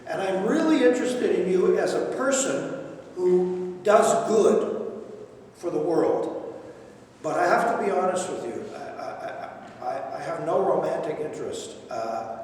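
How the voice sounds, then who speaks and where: A man's voice: high voice, lively intonation, a little slow, a little mellow, recorded from a distance, a little hiss or hum. An older man giving a lecture at a recovery centre, telling personal stories, repeating phrases for emphasis and chuckling. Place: lecture room. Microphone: distant microphone. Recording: echoey hall recorded from afar.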